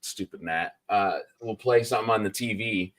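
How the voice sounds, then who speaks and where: A man hosting a casual live-stream chat about books, easygoing and quick to laugh. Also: on the low side, a bit bright.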